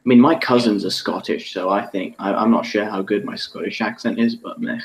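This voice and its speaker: Low-voiced rambling man, casual chat. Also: fairly even intonation, fairly quick, slight background noise, low-quality recording. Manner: rambling, many restarts. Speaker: podcast co-host.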